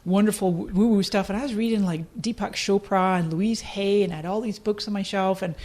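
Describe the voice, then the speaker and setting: A middle-aged woman with a Scottish accent, a podcast guest telling stories in casual talk. She laughs often and acts out her own past remarks in a higher voice. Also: fairly even intonation, a little fast, darkish tone. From Scotland. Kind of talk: casual storytelling interview.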